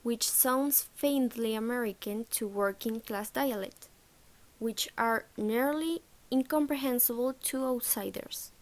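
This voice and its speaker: A woman reading a presentation on accents, slow and careful, sounding out example words. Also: a little high.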